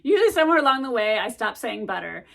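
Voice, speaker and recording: A woman's voice: a little high, very animated, fast, vocal fry. A middle-aged woman chatting casually to camera as a vlogger, rambling with lots of ums and likes as she gives study tips.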